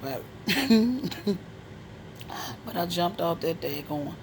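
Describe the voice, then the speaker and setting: A woman from Maryland casually telling a personal story, animated and frank with profanity, often dropping into a hushed whisper. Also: fairly low pitch, measured pace, long pauses, a little hiss or hum. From Maryland, USA.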